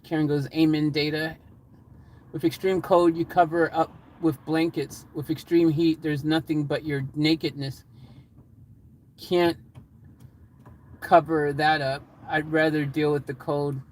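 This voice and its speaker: On a livestream, a man chats casually, reading chat comments aloud and rambling excitedly with lots of laughter. His voice is fairly high and a little slow, and the recording is rough.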